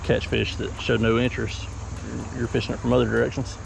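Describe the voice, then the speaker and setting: Man, deep-ish gravelly voice, laid-back chatty fishing vlog, outdoor creek, insects buzzing behind. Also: little pitch movement, quick pace. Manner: easygoing, chatty, talks while casting. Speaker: fishing channel host. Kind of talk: casual outdoor vlog commentary. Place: outdoors wading in a mountain creek. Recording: outdoor field recording with insect noise.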